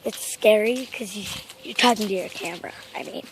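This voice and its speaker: A woman talking casually to her camera as a vlogger, hoarse from a sore throat, rambling and halting with many restarts. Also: medium pitch, background noise. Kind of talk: casual vlog talk to camera.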